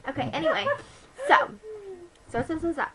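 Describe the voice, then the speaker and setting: A woman's voice: extremely high pitch, big pitch swings, moderate pace, rough recording. A young woman telling a made-up story to camera in a chatty, sassy way, full of "like" and swearing. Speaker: vlogger. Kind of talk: casual comic storytelling. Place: bedroom.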